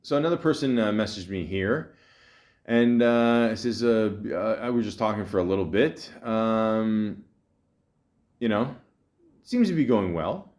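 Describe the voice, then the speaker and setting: A man's voice: on the low side, lively intonation, unhurried, a little mellow. A man hosting a casual solo podcast, rambling and sarcastic, full of fillers and restarts as he reads out and mocks scam texts. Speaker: podcast host. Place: home in a city, street sounds outside.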